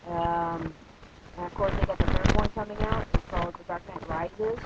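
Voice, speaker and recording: A man's voice: high voice, fairly even intonation, normal speed, dull audio, heavy background noise. A man giving a casual spoken movie review, hesitant and rambling, with many fillers and blunt opinions.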